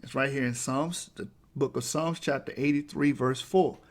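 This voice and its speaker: A man's voice: medium pitch, fairly even intonation, normal speed. A man talking through a slide presentation, emphatic and often asking "right?" to the listener.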